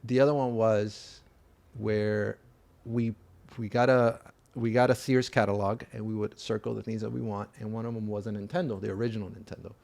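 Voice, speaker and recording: A man's voice: fairly low pitch, steady tone, fairly quick, creaky, a little mellow. Casual podcast co-host, man, talks in loose, looping restarts. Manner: rambling, self-interrupting, gets emotional. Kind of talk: casual chat.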